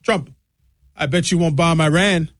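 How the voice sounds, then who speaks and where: A man putting on a pushy male foreign leader who talks slowly and coaxingly. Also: a little high, dry recording, studio quality.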